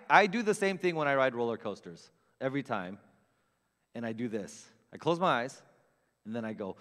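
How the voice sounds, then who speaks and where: Man, thirties, storytelling, self-mocking, acts out voices, swooping pitch, reverberant hall. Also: a bit bright. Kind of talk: personal storytelling.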